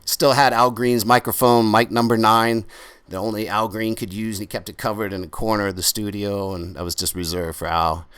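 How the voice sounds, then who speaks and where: A man, a podcast guest, telling relaxed, rambling anecdotes in casual talk with many fillers. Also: fairly low pitch, brisk, clean tone, no room sound. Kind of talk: casual storytelling in a podcast interview.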